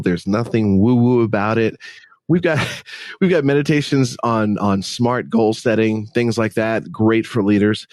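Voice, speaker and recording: Upbeat man, low dry voice. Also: darkish tone, no echo. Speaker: podcast guest, mental health speaker. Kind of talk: conversational interview.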